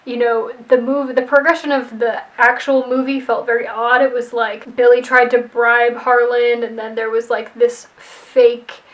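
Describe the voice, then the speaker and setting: High-voiced chatty woman recapping a story. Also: flat delivery, unhurried, hardly any pauses, poor audio. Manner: chatty, playful, wry asides. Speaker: screenwriter rewriting a movie plot.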